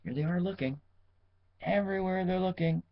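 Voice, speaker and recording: A man reading a children's picture book aloud, stopping to chat about the pictures. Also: sits high. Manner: slow, lively, chatty asides about the pictures. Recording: dull lo-fi recording.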